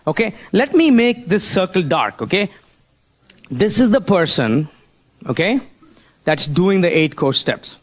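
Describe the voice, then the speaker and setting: A man's voice: sits high, very animated, measured pace, long pauses. A man giving a motivational business seminar talk, prodding the audience with rhetorical questions and "Hello?" while drawing on a board.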